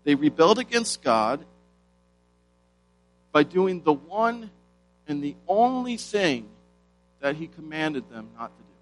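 Male preacher, slightly high pitch, emphatic and questioning delivery, faint guitar underneath. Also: big pitch swings, low-quality recording. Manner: emphatic, rhetorical questions, slows for stress. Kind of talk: sermon.

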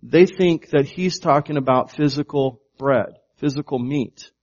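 A man's voice: medium pitch, a little slow, darkish tone, dull audio. A man preaching a sermon, emphatic and shifting his volume to stress words, often asking his congregation questions. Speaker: pastor.

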